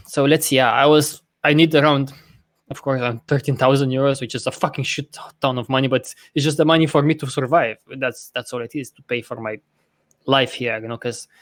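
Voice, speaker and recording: Rambling, profane podcast host. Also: male voice, mid-range voice, no room sound. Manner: rambling, profane, self-correcting; laughs often. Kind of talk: casual podcast chat.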